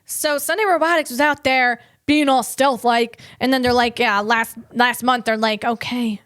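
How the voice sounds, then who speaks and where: Excitable high-voiced woman podcaster. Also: moderate pace, clear, resonant tone, dry recording, studio quality. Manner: bubbly, excitable, rambling with playful asides. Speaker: podcast host and comedian. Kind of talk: solo comedic tech podcast chat.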